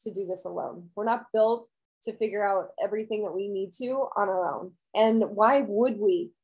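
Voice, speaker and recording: Her voice is medium-pitched and a little mellow, moving at a normal speed, though the recording is rough. A wellness coach, she delivers an earnest, uplifting talk to viewers, repeating the main phrases and often checking in with "right?"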